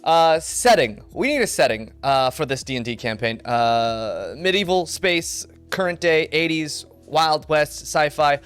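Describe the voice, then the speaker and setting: A man's voice: a little high, lively intonation, measured pace, few pauses, a bit bright, clear, resonant tone, soft background music. A man hosting a live improv tabletop game stream, upbeat and laughing often as he gathers suggestions. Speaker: host running audience suggestions. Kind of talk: casual chat on a live stream.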